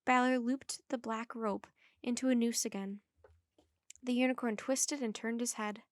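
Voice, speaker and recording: A woman reading a children's chapter book aloud in a clear, measured storytelling manner. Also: a little high, steady tone, dry recording, studio quality.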